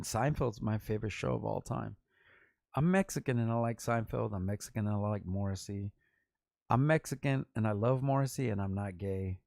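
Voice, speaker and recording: A middle-aged man from Los Angeles, a rapper hosting his own vlog, telling loose, profane, rambling stories full of quick asides. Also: fairly low pitch, vocal fry, darkish tone, no room sound, studio quality. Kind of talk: casual storytelling to camera.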